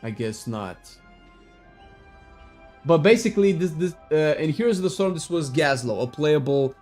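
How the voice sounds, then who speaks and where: A man chatting casually as a gaming streamer, rambling and excitable, swearing loosely and breaking into sudden shouts. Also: fairly high pitch, moderate pace, faint music behind.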